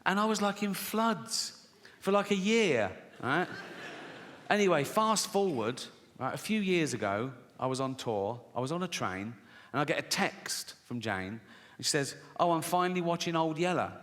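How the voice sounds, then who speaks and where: A man's voice: fairly high pitch, big pitch swings, measured pace, a bit bright. A middle-aged man doing a brash, sweary stand-up set on a theatre stage, putting on silly voices for characters. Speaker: stand-up comedian. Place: large theatre stage with a live audience. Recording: long hall reverb, faint crowd.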